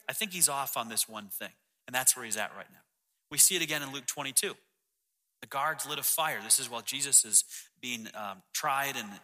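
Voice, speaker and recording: A man preaching a sermon as the pastor, reading scripture passages in a lower, softer voice. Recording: long hall reverb.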